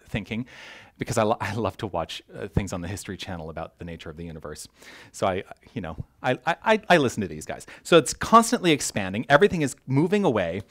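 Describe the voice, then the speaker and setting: A man preaching a sermon as a minister, animated and joking with his congregation, tripping over his words when excited. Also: mid-range voice. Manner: animated, self-interrupting, jokes with the congregation. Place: church hall.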